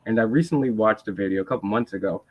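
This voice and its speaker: A nasal man with a Rhode Island accent, hosting a live stream, talking fast in rambling bursts with many restarts. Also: fairly low pitch, no echo. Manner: rambling, hyped up, restarts a lot. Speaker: host. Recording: dull lo-fi stream audio.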